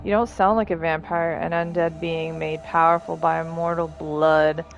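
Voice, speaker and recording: A woman narrating as game master of a tabletop role-playing game, in measured, descriptive narration. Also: sits low, flat delivery, creaky, highs cut off, soft background music.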